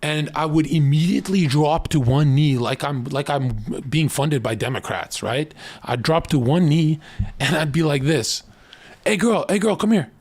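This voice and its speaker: A man streamer ranting casual dating advice, blunt and profane, telling stories with animated voices. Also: a little high, normal speed, no echo.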